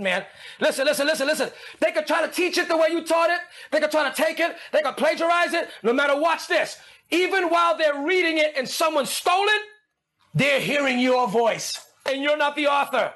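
An excitable male preacher delivering a lively sermon in a very high, bright, forceful voice. He shouts and laughs as he teaches, and he calls his listeners "baby". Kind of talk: energetic sermon.

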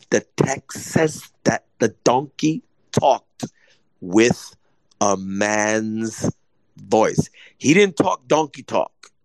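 A man's voice: mid-range voice, no room sound, rough recording. A man delivering an informal, conversational sermon with a mid-range voice. He presses his points hard, repeats them, and keeps asking whether listeners follow him. The recording is close and dry. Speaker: preacher.

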